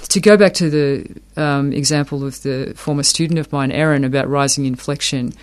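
A man's voice: medium pitch, fairly even intonation, brisk, smooth. A man explaining academic ideas in an interview, thoughtful, often repeating words as he works a point out.

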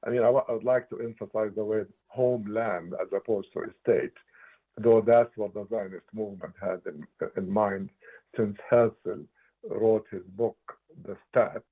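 A man's voice: fairly low pitch, steady tone, moderate pace. A man in his eighties from Palestine, giving earnest, emphatic interview answers and repeating words for stress. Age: 80s. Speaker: interviewed writer and political analyst. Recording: tinny phone-line audio.

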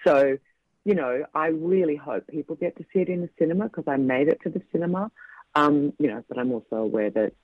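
A man, a film director, talks reflectively in a radio interview, pausing and restarting his sentences. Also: fairly high pitch, no echo. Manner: reflective, halting, many restarts. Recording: slightly muffled dry radio audio.

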